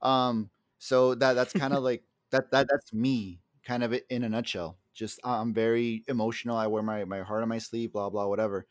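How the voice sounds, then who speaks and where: A man's voice: mid-range voice, fairly even intonation, normal speed, hardly any pauses, no echo. Emotional guy rambling on a podcast, lots of swearing and restarts, dry close sound. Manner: self-described very emotional. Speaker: podcast co-host. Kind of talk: casual chat.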